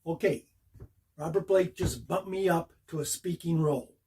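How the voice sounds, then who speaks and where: A man's voice: on the high side, moderate pace, husky. An older man, a working actor, casually telling a career story to the camera and acting out each beat of the scene as he goes. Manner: animated, acts out the scene beat by beat.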